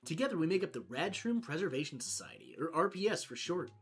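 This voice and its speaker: A streamer voicing a laid-back surfer-dude mushroom king with slangy, excitable speech, reading video game dialogue aloud. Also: mid-range voice, quick pace, breathy edge, faint music behind, voice pushed up. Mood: stoked.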